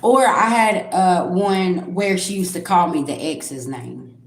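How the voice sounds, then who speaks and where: A woman's voice: fairly low pitch, expressive, takes it slowly, reverberant, a little hiss or hum. A woman, giving a blunt, profane psychic reading on a live stream and talking straight to viewers. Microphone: own microphone.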